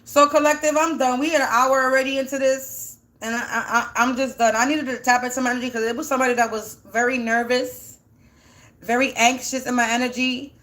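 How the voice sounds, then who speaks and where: High-voiced woman spiritual reader, teary-sounding, rambling self-questioning chat. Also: level tone, a little fast, fairly bright tone. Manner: rambling, asks and answers her own questions. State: voice sounds teary, like near crying. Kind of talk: casual spiritual reading, thinking aloud.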